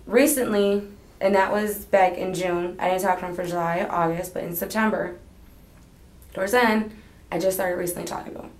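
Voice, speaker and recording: A woman's voice: lowish voice, fairly even intonation, fairly quick. A woman in her twenties being questioned by police, telling her story in a rambling, hesitant way. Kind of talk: police interview. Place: police interview room. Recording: roomy archival interview recording.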